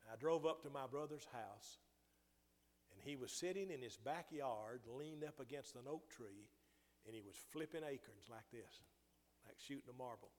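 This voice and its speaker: Older preacher in a reverberant hall. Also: male voice, mid-range voice, moderate pace, darkish tone. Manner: storytelling with restarts and swelling emphasis. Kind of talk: sermon.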